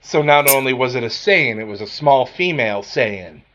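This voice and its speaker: A man running a tabletop game as game master, narrating in an unhurried way and often chuckling. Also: mid-range voice, lively intonation, lo-fi sound, background noise.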